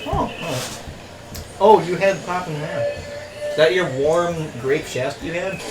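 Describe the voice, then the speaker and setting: A man's voice: sits high, unhurried, echoey room, over music, rough recording. A man playing a tabletop game who keeps teasing and joking with the others. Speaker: player. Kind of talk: casual tabletop game chat.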